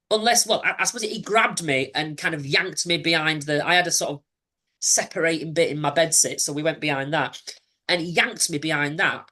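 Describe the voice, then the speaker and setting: Bright-voiced man telling his story. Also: a little high. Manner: candid, reflective, halting with restarts. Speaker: podcast guest. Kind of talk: personal storytelling in an interview.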